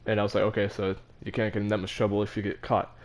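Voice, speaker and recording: A man's voice: lowish voice, completely flat delivery, rapid-fire. A teenage boy telling a story about his school in a casual, rambling, self-mocking way, with many fillers and restarts. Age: teens. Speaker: vlogger.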